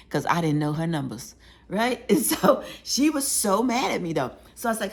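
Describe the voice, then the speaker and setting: In a conversational storytelling audiobook, a woman author shares workplace stories and advice, speaking straight to her listeners with emphasis. Her voice is lowish, animated, and fairly quick.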